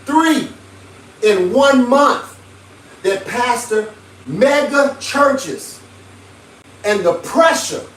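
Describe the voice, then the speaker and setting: Emphatic preaching man, high voice. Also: lively intonation, drawn-out words, long pauses, roomy sound, distant mic, rough recording. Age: 50s. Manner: emphatic, preachy, shifting between shouting and low muttering. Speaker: pastor and livestream host. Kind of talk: livestream preaching rant.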